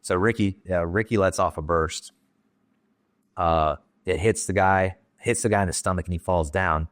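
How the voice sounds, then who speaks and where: Ex-Marine guest, deep male voice, halting casual storytelling, dry close sound. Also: dry recording. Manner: plain, halting retelling with many fillers and quoted dialogue.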